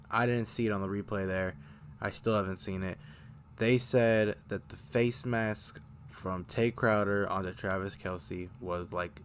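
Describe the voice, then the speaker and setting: A man's voice: lowish voice, slight background noise. A man hosting a casual fan recap of a football game, rambling and correcting himself as he goes, getting heated over bad plays. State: choking up, briefly coughing. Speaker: fan show host.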